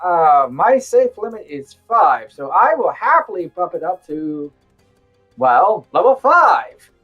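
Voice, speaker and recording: A woman's voice: lowish voice, very animated, slow pace, slightly rough, lo-fi sound, soft background music. Chatty woman playing a tabletop game. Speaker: player.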